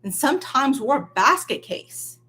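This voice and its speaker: A woman preaching a sermon in an earnest, emphatic way, swinging between loud stresses and quiet, near-hushed lines. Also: high-pitched, sing-song, moderate pace, slightly rough.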